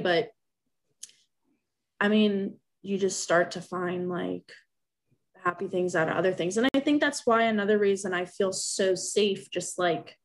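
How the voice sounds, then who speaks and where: A woman's voice: mid-range voice, measured pace. A young woman telling a personal story in casual conversation, acting out the remembered exchanges in her own voice. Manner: animated, acts out remembered exchanges. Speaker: guest sharing a personal story.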